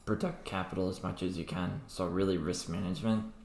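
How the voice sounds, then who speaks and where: A man's voice: sits low, fairly even intonation, a little fast, darkish tone. A young man hosting a crypto trading livestream, chatting casually and rambling with many fillers and restarts. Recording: echoey room with faint background noise.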